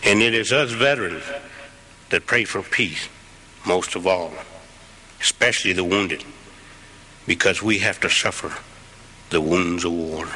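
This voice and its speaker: A middle-aged man with a deep, low voice gives an archival talk to a crowd, telling of his time at war. His tone is forceful and firm, yet earnest and plain-spoken, and a faint hiss sits under the recording. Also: a little slow, long pauses, rough recording. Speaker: veteran speaker. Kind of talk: recorded speech retelling a war story.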